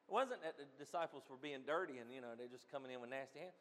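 This pastor has a high voice and preaches quickly, barely pausing, with big swings in pitch. He alternates forceful, emphatic statements with soft asides, and the sermon echoes with the lingering reverb of a big hall.

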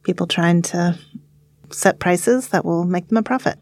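Professor lady, low calm voice, measured and thoughtful, guest on a podcast. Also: dry recording. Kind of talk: casual reflective discussion.

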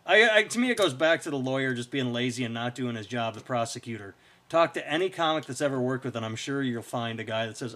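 A man's voice: medium pitch, quick pace, fairly bright tone. A man, a stand-up comic and podcast co-host, telling stories in casual, rambling, profane chat. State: hiccups.

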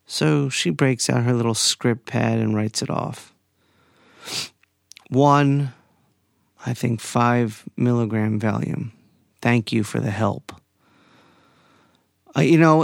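A man in his forties telling a personal story in a casual, animated way, sometimes profane and heated. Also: medium pitch, creaky, clean tone, no room sound, studio quality. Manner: animated, profane, rising to anger.

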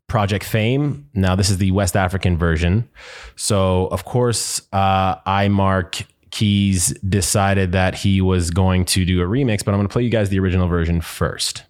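A man with a slightly low voice hosts a casual clip-reaction show. He talks in a relaxed, rambling way, full of fillers and restarts. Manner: laid-back, rambling with many fillers. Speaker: host. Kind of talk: casual commentary on clips.

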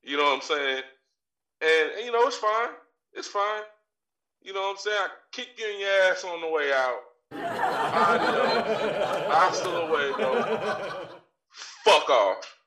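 A man's voice: high-pitched, animated, moderate pace, sharp tone, far from the mic. A man ranting in profane, trash-talking commentary as a podcast co-host, often stumbling over and repeating his words. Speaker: podcast co-host with a wrestling segment. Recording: echoey room, voice off-mic.

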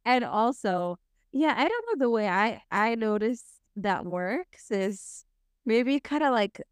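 Woman podcast host, playful, giggly, fairly high voice, smooth and clear, dry sound. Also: very animated, takes it slowly, no room sound. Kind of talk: casual podcast chat.

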